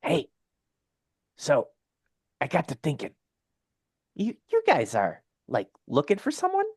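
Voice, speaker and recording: A man puts on a fidgety, eager townsman for a tabletop game, lifting his voice well above his usual pitch. The character is chatty and trips over his own words as he hurries to share an idea. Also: wildly swooping pitch, slow, darkish tone, slightly rough, dry recording, studio quality, full character voice. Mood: eager, confiding.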